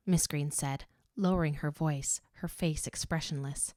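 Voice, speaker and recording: A woman narrating an audiobook in a steady, even reading voice. Her pitch sits a little low. The recording is dry and close, with no room sound. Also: measured pace, few pauses, dry recording. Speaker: audiobook reader.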